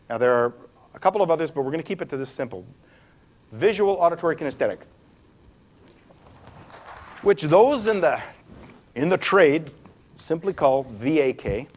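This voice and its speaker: A man presenting a workshop to a room of people, animated and demonstrative, swinging his pitch and pace to show different ways of talking. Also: normal speed, pauses often. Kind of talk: live workshop talk to a room. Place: room with a live audience.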